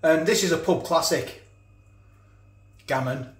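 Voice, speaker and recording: A man's voice: on the high side, measured pace, reverberant. Chatty man reviewing food. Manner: chatty, talks while chewing, frequent restarts. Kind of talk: casual food review vlog. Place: home kitchen.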